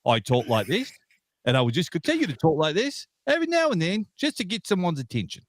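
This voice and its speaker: A man's voice: high voice, very animated, a little slow, a bit bright, dry recording, pitched above the performer's own voice, full character voice. A man putting on a mock-posh British voice.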